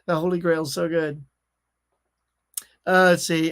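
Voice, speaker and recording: A man from Louisiana hosting a casual pop culture live stream, animated and jokey as he reads out viewer comments. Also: a little high, unhurried, long pauses. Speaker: host.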